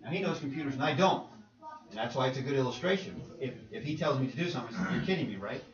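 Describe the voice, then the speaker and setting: A man's voice: medium pitch, fast. A man preaching in a conversational Bible class, asking the group questions and laughing often. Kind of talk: interactive Bible class teaching. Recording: roomy, distant, muffled room recording.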